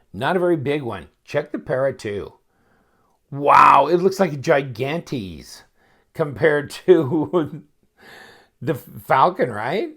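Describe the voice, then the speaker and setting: A man's voice: mid-range voice, fairly bright tone. A man reviewing a knife in a casual unboxing chat, rambling and thinking aloud with wry, joking asides. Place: home, at his inspection table.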